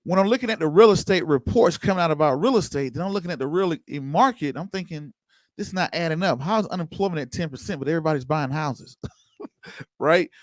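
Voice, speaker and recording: A man's voice: on the high side, fairly quick, no room sound. Casual male livestream host, dry mic. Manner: loose, conversational, chats with viewers by name. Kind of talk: casual livestream commentary reading chat.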